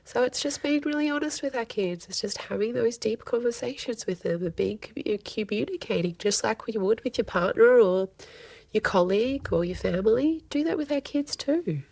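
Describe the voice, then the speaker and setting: A woman's voice: on the high side, animated, normal speed, vocal fry, a little mellow, no echo. A woman, a counselor speaking earnestly in a podcast interview and often voicing quoted speech. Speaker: family and child counselor, guest. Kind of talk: podcast interview, casual advice.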